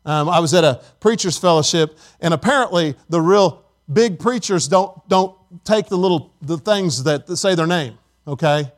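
A man's voice: on the high side, normal speed. A middle-aged male pastor preaching a sermon emphatically, calling on the congregation for responses.

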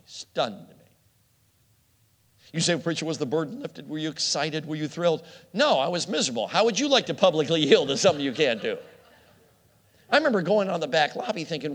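A man's voice: medium pitch, animated, fairly quick, a bit bright, big-room sound. A middle-aged man preaching a sermon, telling a personal story with self-deprecating humor and frequent laughs.

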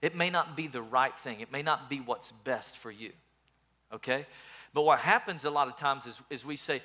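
Bright-voiced male pastor preaching. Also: medium pitch, normal speed. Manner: earnest, repeats words when building a point. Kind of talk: sermon.

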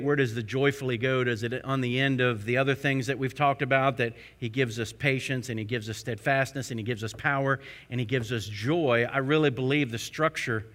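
Forceful preacher man with a bright voice. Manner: asks the congregation rhetorical questions; builds to emphatic peaks then drops low. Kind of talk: sermon.

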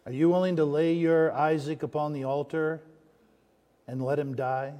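A male pastor with a high voice delivers a sermon, building emphasis and pausing to ask his congregation call-and-response questions. His voice rings with the long reverb of a church sanctuary. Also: fairly even intonation, dark tone.

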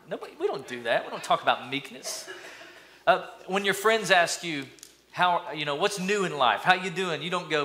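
A man preaching a sermon, energetic and playful, calling for responses from the congregation and acting out mock voices. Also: normal speed. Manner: acts out mock voices with sudden high-pitched bursts. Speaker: pastor.

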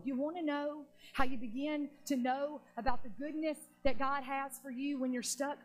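A woman pastor preaching a sermon in church, animated and slowing down for emphasis. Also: high voice, poor audio.

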